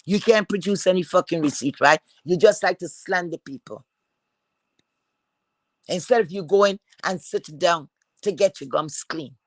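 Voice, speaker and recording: Man, high voice, confrontational streamer rant, repetitive insults, dry sound. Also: measured pace, no echo, poor audio. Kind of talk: heated profane rant.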